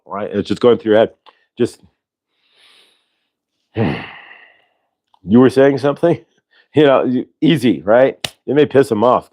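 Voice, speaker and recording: Low-pitched male host, loose casual delivery, restarts often, sighs between breaths. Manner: rambling, relaxed, with many fillers and restarts; sighs audibly between instructions. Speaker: host leading a breathing exercise. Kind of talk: casual spoken guidance.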